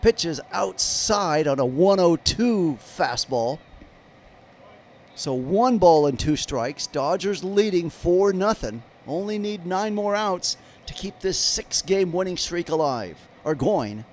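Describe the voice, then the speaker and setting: A man's voice: high voice, lively intonation, slow pace, a little hiss or hum. A man giving live play-by-play of a baseball game on a stream, chatting in rambling asides with viewers. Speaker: livestream baseball commentator.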